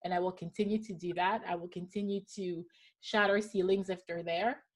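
A woman's voice: on the low side, steady tone, normal speed. Earnest woman hosting a panel talk. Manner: earnest, emphatic storyteller. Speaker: podcast host. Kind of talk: heartfelt panel conversation.

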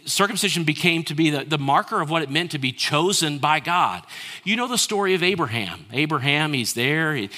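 Man, pastor, sermon, crisp bright tone, call and response with the congregation. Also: fairly high pitch. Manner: calls on the congregation to answer and repeat lines; rhetorical questions, shifts between hushed and raised delivery.

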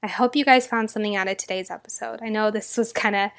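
A woman's voice: mid-range voice, fairly even intonation, fast talker. A young adult woman hosting a motivational podcast, talking in an earnest, emotional and gushing way. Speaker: podcast host.

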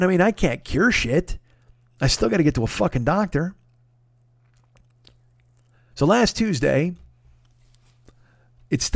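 A man's voice: a little high, vocal fry, no room sound, studio quality. A man hosting a podcast, telling a rambling, profane, confessional story in a casual monologue. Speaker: podcast host.

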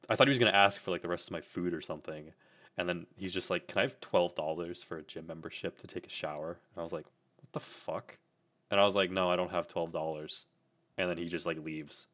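A man's voice: low-pitched, pushed and bright. A young man co-hosting a podcast, telling a story in a rambling, filler-heavy way. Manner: rambling, many fillers, laughs often. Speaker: podcast co-host. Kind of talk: casual storytelling chat.

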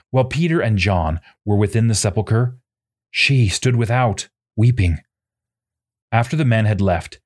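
A man giving scripted narration, reading formal scriptural prose in a solemn, measured way. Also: lowish voice.

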